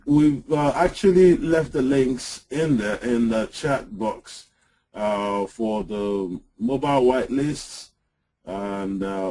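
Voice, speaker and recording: Husky-voiced man co-presenting a webinar. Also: on the low side, warm tone, rough recording. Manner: halting, many fillers and restarts, joking. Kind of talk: casual webinar talk.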